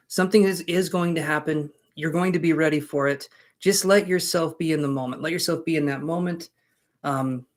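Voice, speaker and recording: A man giving tarot readings on a live stream, chatting casually with viewers in a jokey, reassuring way. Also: fairly high pitch. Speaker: tarot reader.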